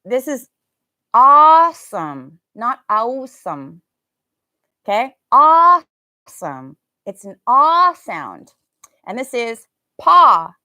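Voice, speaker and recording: A woman's voice: fairly high pitch, very animated, takes it slowly, long pauses, pushed and bright, no echo, clean studio sound. A woman teaching a live online English pronunciation class, chatting casually and stretching out vowel sounds to demonstrate them.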